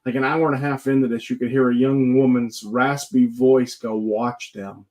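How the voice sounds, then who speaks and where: A man's voice: medium pitch, little pitch movement, a little fast, a little mellow. A man tells ghost stories in a loose, joking way. He rambles, restarts and pads his sentences with fillers, keeping the talk casual. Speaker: guest paranormal investigator. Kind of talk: casual storytelling chat.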